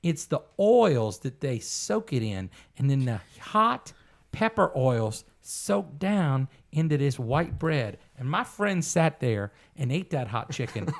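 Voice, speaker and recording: A man, a podcast guest and comedian telling a comic story in a lively, drawling way. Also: medium pitch, slow. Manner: lively, drawling storyteller who acts out other people's voices.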